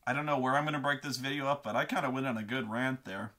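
A man's voice: mid-range voice, fast, pushed and bright. A man hosting a show, telling a long, profane, rambling rant full of tangents. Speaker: host. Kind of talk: comedic rant.

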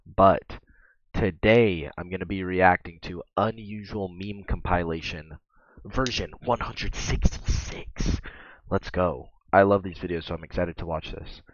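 A man reacting to meme videos as a streamer, excitable and cursing often, bursting into laughter. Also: sits low, no echo. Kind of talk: casual reaction commentary. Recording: dull lo-fi mic.

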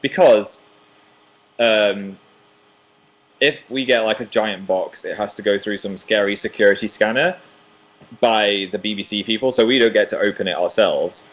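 A man's voice: on the low side, moderate pace, fairly bright tone. Chatty young man reading live comments. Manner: chatty, self-deprecating, reads viewer comments aloud. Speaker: livestream host. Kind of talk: casual livestream chat reading comments.

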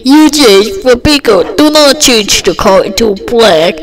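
A woman improvising a rambling cartoon classroom voice-over, halting and breaking into sudden loud outbursts. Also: fairly high pitch, lively intonation, poor audio.

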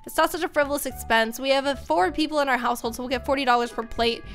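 High-voiced chatty woman gamer. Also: quick pace, soft background music. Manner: chatty, talks to viewers. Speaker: gaming channel host. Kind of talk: let's-play commentary.

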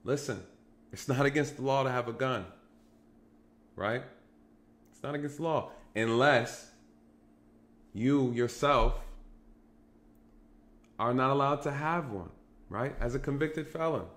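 A man's voice: mid-range voice, measured pace, pauses often, a bit bright. A man recounting police work in casual storytelling straight to viewers, repeating phrases for emphasis.

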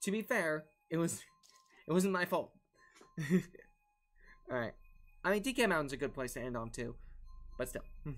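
A man streaming a racing game live, chatting with his viewers in an excitable, talkative way and laughing often. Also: fairly high pitch, moderate pace, long pauses. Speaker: gaming streamer. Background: faint background music.

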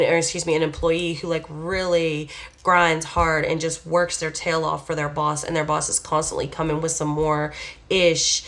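A woman's voice: low voice, a bit bright. A woman giving a rambling, casual tarot reading, blunt and candid, with sighs and laughter. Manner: chatty, rambling, swears casually. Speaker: tarot reader.

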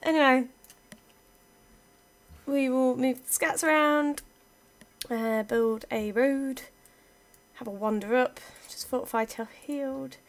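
A young woman gives casual let's-play commentary, chatting away and talking to her game pieces. Her voice sits a little higher than most women's. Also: slow pace, long pauses.

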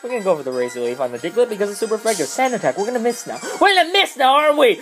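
A young man doing excitable gameplay commentary, swearing a lot and shouting in glee. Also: sits high, very fast, soft background music. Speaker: let's play commentator.

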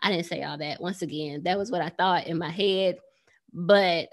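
A woman in her thirties telling a personal story in a casual, animated way, with lots of "like" fillers and sarcastic asides. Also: on the low side, normal speed. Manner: frequent "like" fillers. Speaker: trading educator.

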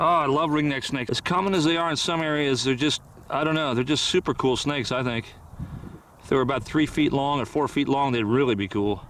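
A man's voice: mid-range voice, fairly bright tone, recorded from a distance, a little hiss or hum. A man filming outdoors as he searches, talking through his finds in an easygoing, enthusiastic way, thinking aloud with fillers. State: a little out of breath. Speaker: vlogger. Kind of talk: outdoor nature vlog narration. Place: outdoors on a hillside.

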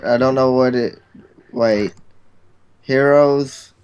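Young man, gaming podcast co-host, unhurried offhand delivery. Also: medium pitch, fairly even intonation, darkish tone, clear, resonant tone, highs cut off. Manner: offhand, swears casually. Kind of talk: casual gaming chat.

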